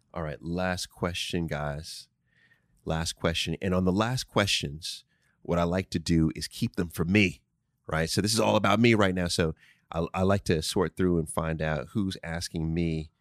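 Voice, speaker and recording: A man's voice: low-pitched, no room sound, clean studio sound. A man hosting a show, talking casually and answering listener questions, stressing points and repeating key phrases. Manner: emphatic, repeats key phrases, frequent "right?". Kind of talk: casual advice talk. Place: studio.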